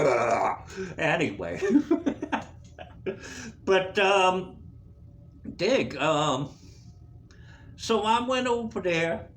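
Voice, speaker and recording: A man's voice: fairly high pitch, a bit bright, a little hiss or hum. A man telling a profane story in a casual rant, laughing often as he goes. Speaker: vlogger.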